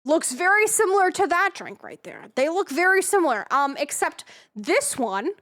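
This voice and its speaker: A young woman streamer telling a story in a casual, animated way, swearing freely and acting out what people said. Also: extremely high pitch, normal speed.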